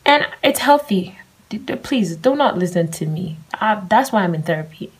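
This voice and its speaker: Husky young woman, candid podcast talk. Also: medium pitch, animated, normal speed, rough recording. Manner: candid, rambling, swears casually. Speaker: podcast host. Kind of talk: casual solo podcast monologue.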